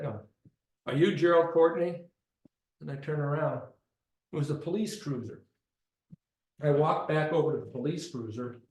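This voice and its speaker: A man's voice: medium pitch, a little mellow. Man telling a story in a roomy space. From Detroit. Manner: dramatic, acts out other voices. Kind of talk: live personal storytelling.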